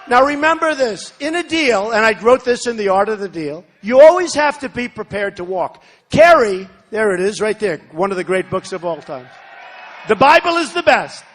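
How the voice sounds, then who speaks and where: A man's voice: high voice, fairly bright tone. A man in his sixties giving a campaign rally speech, repeating phrases for emphasis and talking to the crowd in asides. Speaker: political candidate. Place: large rally venue.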